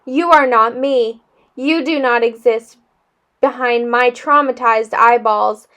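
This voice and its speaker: A woman's voice: fairly high pitch, takes it slowly, bright, forceful tone. A woman reading a storybook aloud, voicing a dramatic boy who talks in a formal, self-pitying way. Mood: formal, aggrieved. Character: dramatic, wordy boy with dark glasses.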